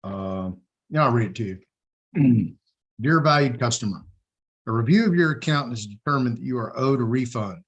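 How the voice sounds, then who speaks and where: A man's voice: medium pitch, normal speed, husky, lo-fi sound. A man with a Texan accent hosting a casual live show, telling stories and acting out the dialogue. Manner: animated storyteller, acts out quoted dialogue. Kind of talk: casual live-stream chat.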